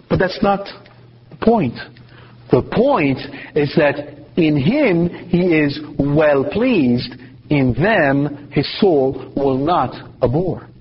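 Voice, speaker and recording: A man's voice: a little high, dull audio, slight background noise. A man teaching from the Bible, reading passages aloud and then explaining them with emphatic asides. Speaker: preacher.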